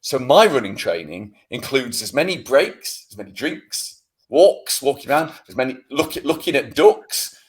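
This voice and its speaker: Animated, swearing British man on a podcast. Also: mid-range voice, moderate pace. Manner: animated, swearing, self-mocking rant. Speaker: podcast co-host. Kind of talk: casual podcast chat.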